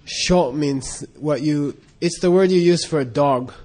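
A man's voice: on the high side, a little slow, darkish tone. A man telling a casual, rambling story with lots of fillers and frequent laughs. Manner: rambling, many fillers and restarts, laughs often.

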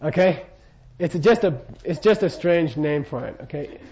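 Older man, buddhist teacher, fairly high voice, dull lo-fi recording, casual checking-in delivery. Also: animated, normal speed, dark tone. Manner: casual, jokey, keeps checking in with the audience. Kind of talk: informal dharma lecture.

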